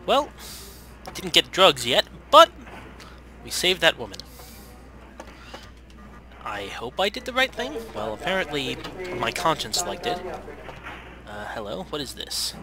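A man's voice: a little high, huge pitch swings, unhurried, long pauses, over music. A man hosting a let's play, giving casual, wry gameplay commentary and muttering to himself.

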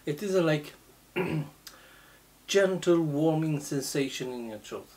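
A woman hosting a casual beer tasting review, talking in a slow, halting way with many fillers. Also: low-pitched, a little mellow.

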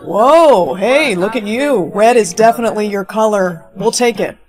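A woman's voice: medium pitch, moderate pace, natural voice. A woman playing a controlling, suspicious young boyfriend who makes demands, in a TikTok POV skit.

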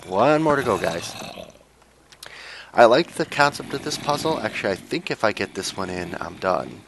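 A young man with a gravelly, low voice talks through a game in a loose, joking commentary, coaxing and cajoling the characters. A faint hiss sits under the recording. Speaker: let's play gamer. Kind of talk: casual gameplay commentary.

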